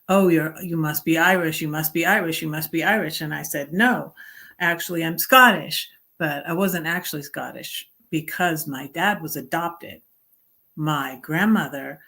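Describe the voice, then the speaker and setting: A middle-aged woman from the United States hosting a casual livestream, rambling and halting with many ums, and greeting viewers brightly. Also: sits low, creaky. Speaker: livestream host.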